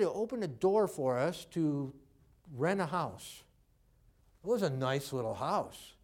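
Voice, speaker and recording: A man's voice: fairly high pitch, darkish tone. A preacher telling a personal story in a sermon, talking conversationally and acting out the people he quotes. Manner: conversational, acts out quoted dialogue.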